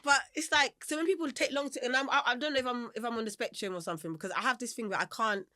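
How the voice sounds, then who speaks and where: A woman from South London with a London accent, speaking with a high, bright voice at a fast clip. She is direct and candid, breaks into laughter often, and acts out the people she quotes. The studio sound is close and dry. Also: no echo. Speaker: singer-songwriter guest. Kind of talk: candid podcast conversation.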